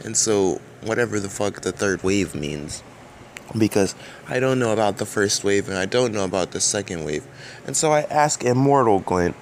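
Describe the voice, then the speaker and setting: A man's voice: fairly low pitch, slight background noise. A man giving casual, rambling commentary over game footage in a dry, drowsy way. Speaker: gaming video creator.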